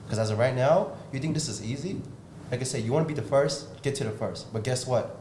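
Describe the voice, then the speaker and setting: A man's voice: expressive, quick pace, darkish tone. Intense guy giving a pep talk, straight-up blunt, echoey room. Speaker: podcast host and martial arts coach. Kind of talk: casual motivational podcast talk. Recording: roomy with faint rumble.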